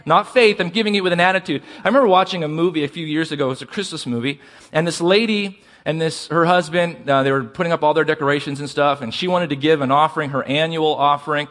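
High-voiced male pastor preaching. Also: fast talker, a bit bright. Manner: preaching with call-and-response questions to the congregation. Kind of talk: sermon.

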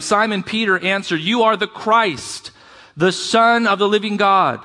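At normal speed, a man with a bright, high, ringing voice preaches to his congregation, keeping it conversational and checking in with them as he goes. The recording carries the lingering echo of a large hall.

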